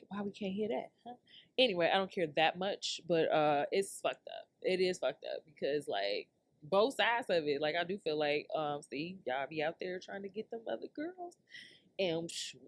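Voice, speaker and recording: A woman's voice: on the low side, dry recording. Laughing woman podcaster in a dry room. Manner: loose, joking, slangy and laughing often. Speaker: podcast host. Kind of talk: casual solo rant.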